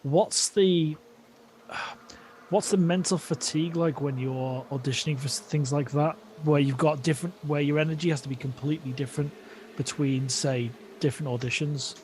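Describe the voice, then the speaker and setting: Calm man hosting a podcast. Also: fairly high pitch, moderate pace, a little hiss or hum. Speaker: podcast host. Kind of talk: casual podcast chat.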